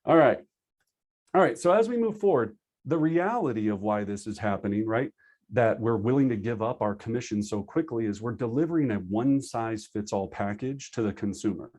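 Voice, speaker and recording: This lowish-voiced man trains real estate agents in a live online session held by video call. Lively and chatty, he mimics the agents' excuses in rapid little asides.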